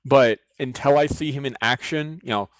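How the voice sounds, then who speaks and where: A man's voice: medium pitch, normal speed, dry recording. A man co-hosting a casual card game podcast, hedging as he weighs ratings aloud. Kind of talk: casual panel discussion.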